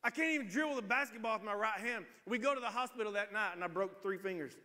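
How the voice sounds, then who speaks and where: A man's voice: high voice, fast, bright, forceful tone, big-room sound. A man in his forties, a pastor preaching a sermon with humorous storytelling. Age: 40s. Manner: humorous storytelling, acts out voices. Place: church sanctuary.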